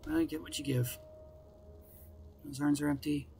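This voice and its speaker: A man's voice: on the high side, level tone, moderate pace, gravelly, warm tone, soft background music. A man giving wry, casual commentary while playing a video game, often talking to himself and to the game's characters. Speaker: gameplay commentator. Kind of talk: casual let's-play commentary.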